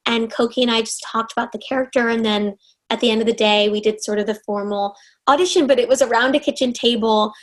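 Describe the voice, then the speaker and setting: A young actress from Los Angeles, USA, in her twenties, is an interview guest describing her career in conversational, earnest storytelling. Her slightly high voice stays steady at a quick pace as she gushes and keeps restarting her thoughts. The recording is low quality.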